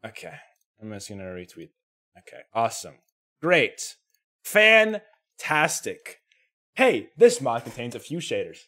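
A young man with a tired, hoarse voice gives excited, swearing commentary while playing a rhythm game. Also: mid-range voice, unhurried, pauses often. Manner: excitable, swearing, exclamatory reactions. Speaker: gaming streamer. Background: faint game music.

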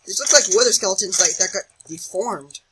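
A man's voice: sits high, fairly quick, noisy background. A young man giving casual commentary over a video game, jittery and self-mocking, often chanting words over and over in a sing-song. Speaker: gaming channel host.

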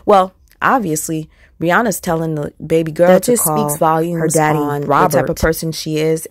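A woman's voice: sits low, no room sound, clean studio sound. A woman hosting a commentary video, talking bluntly and scornfully and asking her viewers rhetorical questions. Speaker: commentary channel host. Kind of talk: opinionated commentary.

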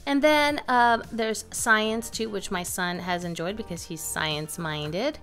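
A woman co-hosting a casual curriculum review, talking in a chatty, lively way with frequent fillers. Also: medium pitch, unhurried, faint music behind. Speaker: homeschooling mom and channel co-host.

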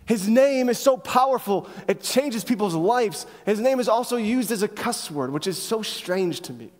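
A man with a high-pitched voice preaching in a church sanctuary. He leans on rhetorical questions and emphatic pauses, and his voice rings out with a long hall echo. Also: expressive. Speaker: pastor. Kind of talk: sermon.

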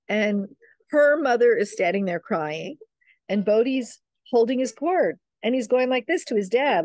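A woman's voice: medium pitch, animated, normal speed, no echo, clean studio sound. Older midwife lady rambling thru stories, does little voices for her family, plain mid voice. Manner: chatty, rambling, acts out quoted family members. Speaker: midwife and author, guest. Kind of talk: casual storytelling conversation.

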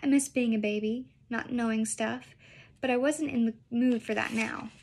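Gravelly-voiced woman reading a children's book. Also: a little high, moderate pace, slight background noise. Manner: expressive, storytelling. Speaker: teacher reading aloud. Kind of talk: children's book read-aloud.

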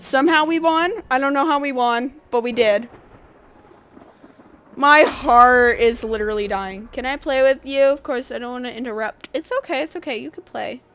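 A woman's voice: sits high, fairly bright tone, smooth. A young woman streaming a game live, chatting playfully with her viewers while she plays. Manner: playful, chatty, talks to chat. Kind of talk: live gameplay commentary.

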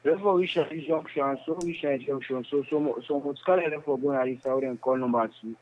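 A man's voice: medium pitch, a little hiss or hum. Man with a Sierra Leonean Krio accent on a tinny phone line. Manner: halting, repetitive storytelling. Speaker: interviewee. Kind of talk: phone interview testimony.

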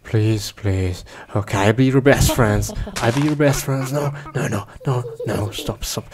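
A man's voice: medium pitch, a little slow, over a noisy crowd, lightly acted. A man voicing a big bad wolf who blusters threats and turns to whiny begging. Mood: pleading. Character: big bad male wolf, pushy but cowardly. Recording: noisy amateur recording.

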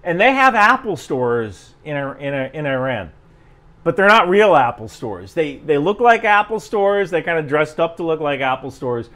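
A man with a softened New Jersey accent and a fairly high voice, chatting casually. He rambles, breaks off and restarts his sentences, and chuckles often as he comments. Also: very animated, normal speed. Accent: General American, softened New Jersey. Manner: chuckling, rambling, self-interrupting. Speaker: YouTube commentator.

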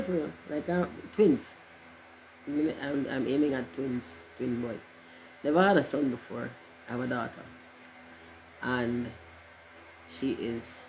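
A woman's voice: extremely low pitch, a little mellow, slight background noise, poor audio. A middle-aged woman, chatting casually on a livestream in a rambling, joking way and cursing freely. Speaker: livestream host.

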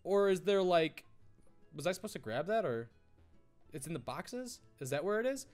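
Lively, high-voiced man giggling and rambling through a video game playthrough. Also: moderate pace, soft background music. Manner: giggly, rambling, easily sidetracked. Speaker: gaming channel host. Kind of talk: let's play commentary.

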